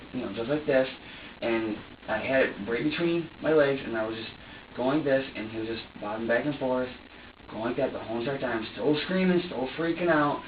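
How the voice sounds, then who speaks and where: Heard through a dull, echoey recording that sounds distant, a male suspect confesses emotionally in a police interrogation room. He's agitated, curses a lot, and keeps breaking off and starting again, his mid-range voice carrying a faint hiss or hum.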